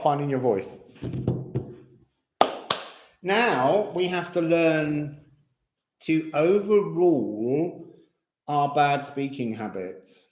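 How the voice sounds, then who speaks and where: A man's voice: a little high, darkish tone. A man from England with a Kent accent, teaching a voice lesson in a chatty way, laughing often and counting breaths aloud. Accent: English, Kent. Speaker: singing teacher. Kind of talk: voice lesson, guided exercise. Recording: roomy echo.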